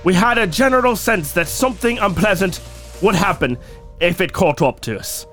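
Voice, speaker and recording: A man putting on an Irish accent to read a witness account aloud in slow, careful storytelling. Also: high voice, animated, fairly bright tone, soft background music. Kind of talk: reading a listener story aloud in a put-on accent.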